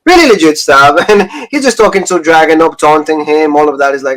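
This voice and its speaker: A man's voice: fairly high pitch, fairly bright tone, poor audio. Man hosting a loose wrestling podcast chat. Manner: loose, filler-heavy talk with quick recaps. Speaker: wrestling show host.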